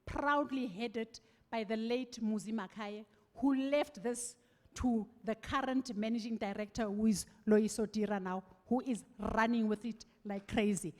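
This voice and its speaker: A middle-aged woman with a South African accent tells stories at a farewell event, slipping into the voices of the people she remembers. Her voice sits somewhat high. It rings with the long reverb of a large hall. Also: unhurried. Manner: animated storytelling, acting out quoted voices. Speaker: farewell speaker. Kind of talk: anecdotal farewell speech.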